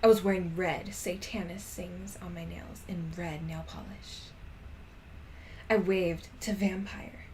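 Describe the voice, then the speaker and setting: A woman reading a story aloud in a casual stream, slow and often dropping into a soft whisper. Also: lowish voice, steady tone, slight background noise.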